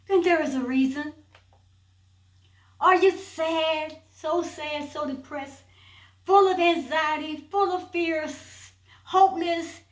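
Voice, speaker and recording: Woman preaching in a high voice. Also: echoey room, low-quality recording. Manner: repetitive rhetorical questions, emphatic. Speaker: inspirational speaker. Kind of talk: motivational preaching monologue.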